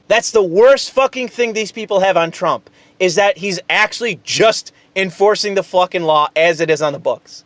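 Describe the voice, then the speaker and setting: Heated male commentator, high-pitched, sarcastic and profane, recorded dry and close. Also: a little fast, a bit bright, no echo. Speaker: political commentary host. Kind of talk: angry political rant.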